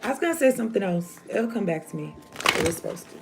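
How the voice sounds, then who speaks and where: A woman's voice: medium pitch, expressive, quick pace. A woman giving a casual, rambling tarot reading to her viewers, chatty and slangy. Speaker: tarot reader. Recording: noisy home recording.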